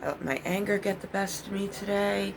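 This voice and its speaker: A woman's voice: mid-range voice, moderate pace, vocal fry, a little hiss or hum, poor audio. A middle-aged woman speaking to her viewers about recovery, earnest and intense, often restarting her sentences. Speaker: recovery vlogger. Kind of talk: emotional personal talk to viewers.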